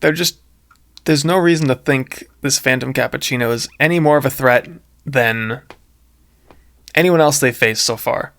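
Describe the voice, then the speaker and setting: A man's voice: medium pitch, moderate pace, creaky, long pauses, a bit bright. A young man reading his own childhood book aloud with casual, wry commentary and asides.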